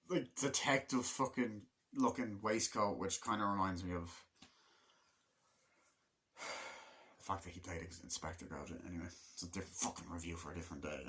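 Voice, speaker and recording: Male vlogger, fairly low voice with a bright, forceful edge; casual, profane, rambling movie review. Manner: rambling and excitable, swears often, many fillers like "like"; acts out movie lines in quick put-on voices. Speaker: film reviewer.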